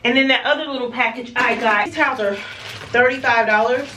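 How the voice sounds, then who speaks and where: A woman's voice: on the high side, a little fast, bright, forceful tone, slight background noise. A woman vlogging casually at home, chatting straight to her viewers as she shows what she has bought. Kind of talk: casual vlog chat. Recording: echoey room, camera at a distance.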